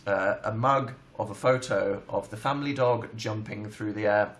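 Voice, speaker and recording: A young Englishman hosting a livestream from home, telling stories in an animated, self-mocking and dramatic way. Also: on the low side, moderate pace. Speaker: livestream host. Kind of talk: casual storytelling chat. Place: home, indoors.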